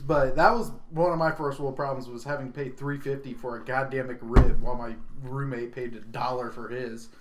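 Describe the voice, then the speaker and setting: A man's voice: mid-range voice, fairly even intonation, normal speed, few pauses. A man co-hosting a podcast, telling profane stories in casual chat and laughing often. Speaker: podcast co-host.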